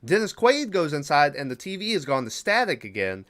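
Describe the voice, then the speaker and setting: A man's voice: a little high, big pitch swings, fairly quick, a bit bright. Profane rambling male podcast host. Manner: profane, rambling, with filler words. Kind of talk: casual movie recap.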